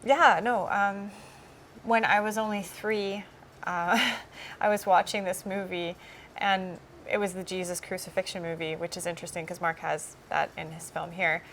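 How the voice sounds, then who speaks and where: A woman's voice: fairly low pitch, steady tone, moderate pace, fairly bright tone, a little hiss or hum. A woman cast member giving a personal testimony in an interview, telling her story in an earnest, reflective way.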